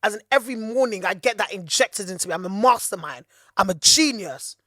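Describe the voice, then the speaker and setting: A woman co-hosting a podcast, talking in an emphatic, excitable, preachy way. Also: mid-range voice, brisk, no echo, clean studio sound. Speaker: podcast co-host. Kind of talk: casual chat.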